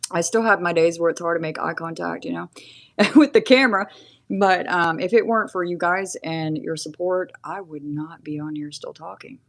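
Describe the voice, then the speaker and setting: A woman's voice: fairly low pitch, steady tone, normal speed, gravelly. A woman in her forties chatting casually through a live tarot reading, often laughing and thanking viewers. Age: 40s. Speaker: tarot reader.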